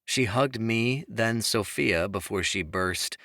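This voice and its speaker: A man narrating a fantasy audiobook in the first person, wry and expressive, on a close studio mic. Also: on the low side, slow, no room sound.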